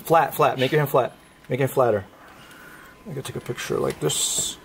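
A man calmly and patiently walking someone through a gadget demonstration. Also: medium pitch, moderate pace, creaky, crowd noise. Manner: calm, patient, coaxing instructions. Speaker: guest showing a gadget. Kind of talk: casual demonstration.

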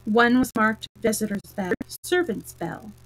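Casting: a woman storyteller reading a children's book, fairly high voice, steady pace with slips. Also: a little slow, rough recording.

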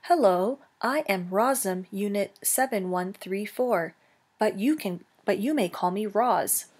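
A woman voicing a gentle female robot mother, calm and protective, in a measured way. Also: mid-range voice, husky. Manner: measured and pleading.

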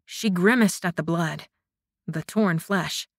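A woman narrating an audiobook in a measured, scripted reading. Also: on the low side, no echo, studio quality.

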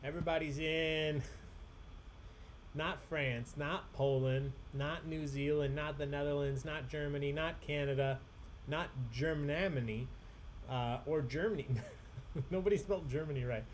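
A man's voice: a little high, fairly even intonation, moderate pace, slight background noise. A man hosting a live online trivia game, chatty and upbeat, reading each question twice with emphasis. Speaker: trivia host.

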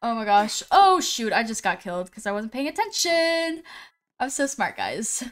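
A woman live-streaming a game, reading names from the chat and greeting viewers one by one, often pausing on how to say them. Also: a little high, sing-song, fairly bright tone. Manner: slow, unhurried delivery with frequent "um"s.

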